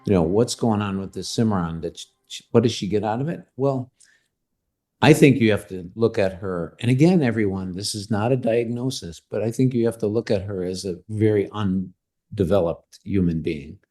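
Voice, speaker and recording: A man's voice: fairly low pitch, normal speed, dark tone. A man co-hosting a podcast as a doctor who deals with criminals, talking thoughtfully and emphatically, sometimes searching for words. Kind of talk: casual podcast discussion.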